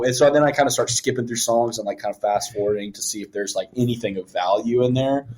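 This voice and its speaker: A man's voice: mid-range voice, quick pace, hardly any pauses, darkish tone. A young man co-hosting a music podcast in casual chat, rambling and acting out his own reactions. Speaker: podcast co-host.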